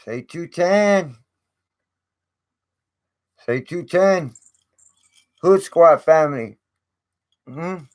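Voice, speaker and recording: A man's voice: on the high side, extremely slow, pauses often. A man hosting his own channel, talking casually to viewers in a rambling way, with many fillers and repeated words. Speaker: channel host. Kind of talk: casual live-stream talk.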